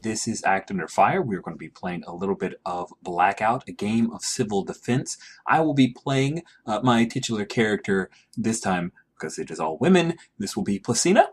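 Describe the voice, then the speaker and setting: A man's voice: lowish voice, expressive, moderate pace, few pauses, breathy edge. A man hosting a podcast interview, friendly and encouraging with his guest. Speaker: podcast host.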